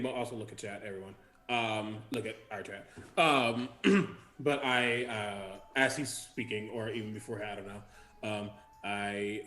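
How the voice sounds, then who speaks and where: A man's voice: mid-range voice, a bit bright. A man playing a tabletop game, describing his character's actions hesitantly. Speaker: player. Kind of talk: tabletop role-play. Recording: roomy echo.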